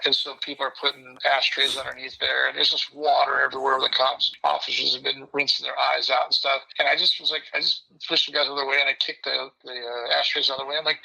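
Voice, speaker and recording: A middle-aged man telling a story as a podcast guest, animated and acting out quotes and sound effects, on dull lo-fi audio. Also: medium pitch, quick pace, vocal fry, few pauses. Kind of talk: casual spoken storytelling.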